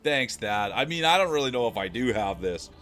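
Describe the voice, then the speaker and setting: A man's voice: mid-range voice, sing-song, a little fast, fairly bright tone. A man livestreaming, talking casually and playfully with his chat, laughing often.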